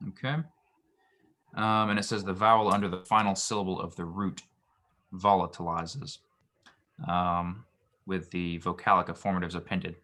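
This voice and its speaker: A man's voice: sits low, level tone, normal speed, pauses often, bright, forceful tone. A man teaching a Hebrew grammar lesson, explaining patiently with frequent ums and restarts.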